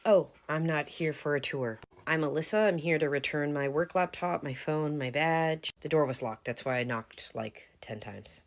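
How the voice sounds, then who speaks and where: A woman's voice: low voice, moderate pace, few pauses. A young woman narrating her own story and acting herself out, earnest, polite but firm. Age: young adult.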